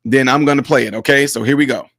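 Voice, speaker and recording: A man's voice: mid-range voice, fairly even intonation, fast talker, fairly bright tone, dry recording, studio quality. A man hosting a political commentary vlog, scolding and mocking with a stream of rhetorical questions. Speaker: host of a commentary channel.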